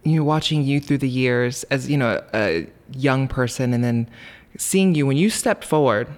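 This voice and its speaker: A man's voice: medium pitch, normal speed. A man interviewing a guest, emotional and effusive as he talks about what her story means to him. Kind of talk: conversational interview.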